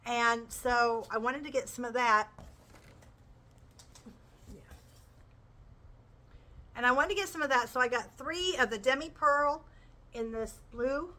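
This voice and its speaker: Gushing woman, bright voice. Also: fairly high pitch, a little slow, long pauses, low-quality recording. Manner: gushing, chatty and enthusiastic. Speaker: crochet vlogger. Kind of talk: casual show-and-tell chat.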